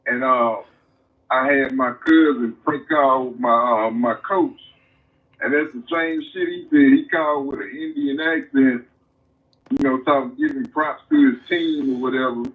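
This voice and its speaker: A man calling in to a livestream, relaxed and amused as he tells a story. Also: medium pitch, measured pace, narrow, tinny audio. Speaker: caller. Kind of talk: casual storytelling on a call.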